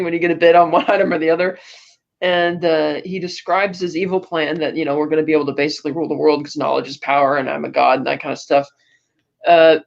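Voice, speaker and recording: Rambling woman podcast host, lo-fi sound. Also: on the low side. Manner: rambling storytelling with frequent fillers and laughs. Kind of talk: casual film recap chat. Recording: dull lo-fi podcast audio.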